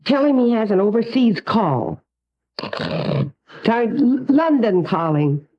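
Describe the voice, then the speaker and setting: A woman's voice: fairly high pitch, very animated, takes it slowly. A woman hosting a live 1950s television show, bantering with puppets in a hesitant, stammering, good-humoured way. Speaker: host. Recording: dull lo-fi 1950s TV audio.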